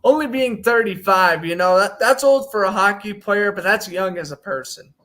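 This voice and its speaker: High-voiced young man riffing on hockey. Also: normal speed. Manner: opinionated, animated, jokey. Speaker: podcast co-host. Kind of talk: casual sports chat.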